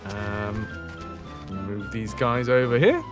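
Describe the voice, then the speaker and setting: A man's voice: lowish voice, expressive, slow, over music. A man chatting and joking as he streams a game, talking to his chat and to the game. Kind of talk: live gameplay commentary.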